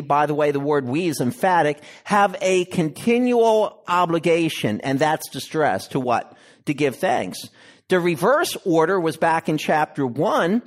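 A male pastor reading scripture and preaching an expository sermon, with emphatic pauses and a deliberate delivery. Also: on the high side.

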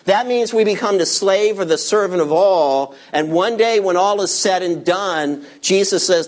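A man preaching a sermon as pastor, animated, reading scripture and acting out quoted voices of his listeners. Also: sits high, measured pace, few pauses.

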